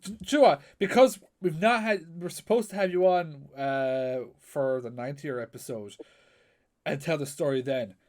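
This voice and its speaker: A man, co-hosting a podcast in casual chat, animated and swearing freely as he talks. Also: a little high, moderate pace. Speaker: podcast co-host.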